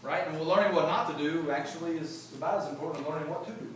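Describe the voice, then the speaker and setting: A man's voice: on the high side, fast talker. Guy giving a motivational talk at a company event, jokey, keeps quizzing the crowd, far-off mic, noisy background. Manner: chatty, joking, quizzes the crowd. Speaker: sales executive speaking at a company event. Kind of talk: casual motivational talk to a live audience. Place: large echoey event room with an audience. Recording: echoey room, far mic, background noise.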